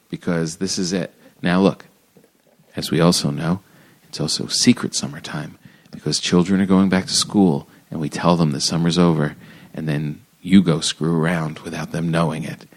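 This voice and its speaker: A man from New Jersey with a New Jersey accent, hosting a podcast in casual, joking chat and laughing often. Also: deep voice. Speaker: podcast host.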